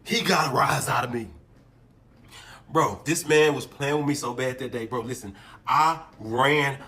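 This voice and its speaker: A man telling a story in a casual, animated and heavily profane way, acting out what others said. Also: medium pitch, measured pace. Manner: animated, profane, acts out quotes. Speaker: storyteller in a clip.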